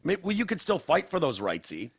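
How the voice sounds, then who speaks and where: A man's voice: on the high side, wildly swooping pitch, a little fast, gravelly, husky. A man with a Midwestern American accent hosting a casual podcast, talking bluntly and sarcastically with plenty of swearing. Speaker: podcast host. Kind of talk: casual talk-show banter.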